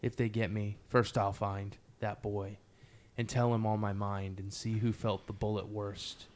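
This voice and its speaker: A man with a fairly low voice reads a poem aloud. He takes it slowly, giving each line a measured weight. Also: little pitch movement, a little mellow. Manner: slow, measured reading. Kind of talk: poetry reading.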